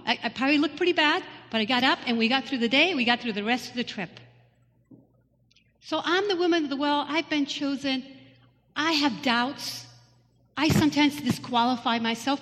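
A woman's voice: high-pitched, animated, normal speed, fairly bright tone, big-room sound. A woman giving a personal testimony to a church congregation, telling her story earnestly and asking the listeners rhetorical questions. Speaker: lay speaker giving a testimony. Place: church sanctuary.

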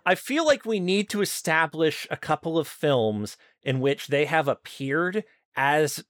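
A man's voice: on the high side, lively intonation, a little slow, a bit bright, dry recording, studio quality. A man co-hosting a casual comedy podcast, playful and riffing on ideas. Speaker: podcast co-host.

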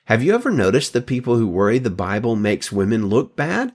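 A man's voice: mid-range voice, very animated, fairly quick, a little mellow, breathy edge. A man giving a devotional Bible talk as a teacher, emphatic and stretching key words.

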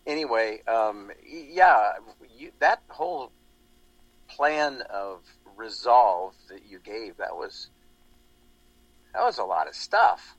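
Male talk host, animated and rambling; husky, dry studio sound. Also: lowish voice, takes it slowly, dry recording, lo-fi sound. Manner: animated, rambling, lots of restarts. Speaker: radio show host. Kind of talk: casual political talk show chat.

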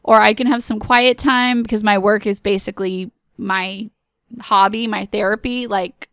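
A woman's voice: mid-range voice, steady tone, normal speed, a bit bright, clear, resonant tone, no echo, studio quality. A woman in her thirties hosting a podcast, giving a casual, earnest pep talk to other moms. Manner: earnest, pep-talk, direct address to listeners. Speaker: podcast host.

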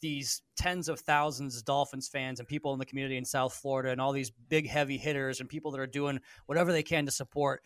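A man's voice: mid-range voice, steady tone, fast talker, hardly any pauses, fairly bright tone, dry recording, studio quality. A man co-hosting a radio interview who asks long, searching questions. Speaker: radio co-host.

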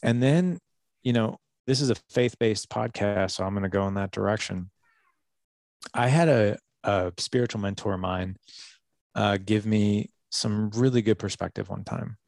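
A man's voice: fairly low pitch, normal speed, gravelly, a little mellow, no echo, clean studio sound. A man speaking as a guest on a faith-based podcast, earnest and a little emotional, often repeating his words as he reflects.

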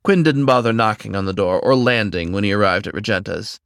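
A man reading a fantasy story aloud as its narrator in a steady storyteller's manner. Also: fairly low pitch, brisk, vocal fry, clean tone, dry recording, studio quality. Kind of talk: scripted narration.

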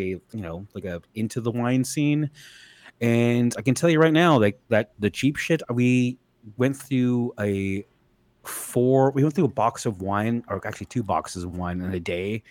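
A man's voice: mid-range voice, darkish tone, no echo. A tipsy man chatting loosely on a stream as a guest, meandering and swearing casually.

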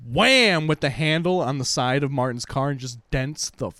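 A man's voice: mid-range voice, animated, moderate pace, sharp tone, no room sound, clean studio sound. A young man telling rambling, profane stories on a casual podcast, full of fillers. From Detroit area, Michigan. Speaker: podcast co-host.

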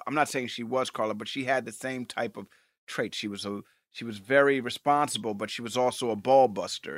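A man co-hosting a podcast, playful and animated in casual chat. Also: mid-range voice, dry recording, clean studio sound. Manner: playful, animated, loud bursts. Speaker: podcast co-host.

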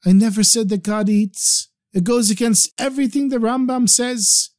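A man's voice: extremely high pitch, steady tone, normal speed, a little mellow, pitched above the performer's own voice. A man voicing an indignant old rabbi who scolds and scoffs. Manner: scolding, exasperated.

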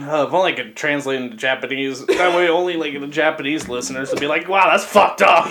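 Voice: mid-range voice, fast, music in the background. A podcast co-host in casual chat, swearing and laughing through crude banter.

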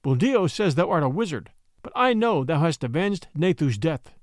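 A man's voice: a little high, big pitch swings, moderate pace, no room sound, clean studio sound. A man voicing an anxious, loving village mother who pleads with her son. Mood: pleading. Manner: pleading, urgent.

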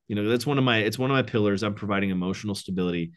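A man who is a guest and men's coach on a podcast, telling animated stories and acting out quoted lines, growing excited as he talks. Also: fairly low pitch, very fast. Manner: animated storyteller, quoting others, excited. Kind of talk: casual interview chat.

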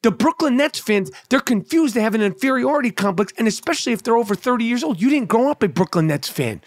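High-voiced man in a heated, cursing rant. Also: lively intonation, fast, no echo. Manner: heated, blunt and sarcastic, with repeated stammered restarts. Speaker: comedian. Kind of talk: profane sports rant.

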